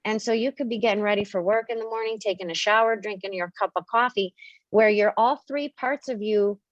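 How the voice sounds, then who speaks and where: A woman's voice: mid-range voice, a little fast, dry recording, lo-fi sound. A woman hosting a spiritual members' call on video, explaining earnestly and acting out examples.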